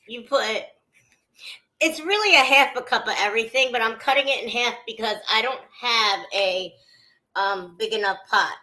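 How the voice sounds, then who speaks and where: On a cooking livestream, a woman chats easily with her audience, calling out viewers' names mid-sentence and letting sentences trail off. Her voice is a little high, bright, and forceful. The recording is low quality.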